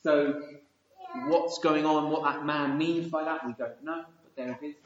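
A man's voice: a little high, fairly even intonation, measured pace, a little hiss or hum. A man teaching an evening Bible study, explaining at length and thinking aloud with frequent ums and restarts. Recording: very echoey room, dull lo-fi sound.

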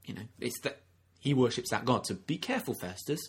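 A man's voice: medium pitch, expressive, brisk, breathy edge. A man preaching a sermon in an earnest, conversational way, often restarting his sentences and acting out the people he quotes. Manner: earnest, acts out quoted speakers, frequent restarts.

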